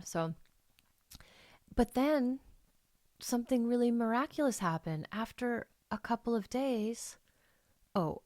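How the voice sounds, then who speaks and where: A middle-aged woman hosts her own coaching podcast in a heartfelt, emotional monologue that rambles with plenty of "like"s. Her voice sits on the low side for a woman. The sound is dry and close, with no room around it. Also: darkish tone, no echo. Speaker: life coach and podcast host.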